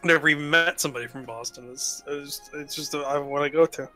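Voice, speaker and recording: Male host of a multiplayer game; bright, lightly high voice, loose rambling chat. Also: fairly even intonation, brisk, faint music behind. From United States. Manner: rambling, laughing restarts. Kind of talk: casual multiplayer gaming chat.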